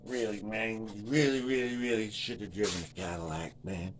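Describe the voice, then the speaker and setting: Loud guitar playing backs a brisk, low-leaning man with fairly even intonation. He's a guitar restorer and vlogger in his fifties, rambling through a casual story, cursing freely and tacking on "man" and "you know what I mean."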